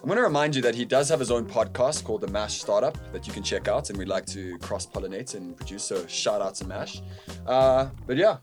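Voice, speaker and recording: Low-voiced podcast host over music. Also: male voice, fast, few pauses. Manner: joking, laughs with co-hosts. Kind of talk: casual podcast chat. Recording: music playing underneath.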